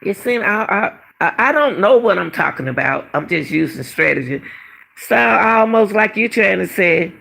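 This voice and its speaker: A woman's voice: on the low side, expressive, normal speed, gravelly, fairly bright tone. A middle-aged woman hosting a casual commentary show, emphatic and repetitive, firing off rhetorical questions. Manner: emphatic, repeats phrases, fires rhetorical questions. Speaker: commentary channel host. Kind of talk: casual commentary on a missing-person case.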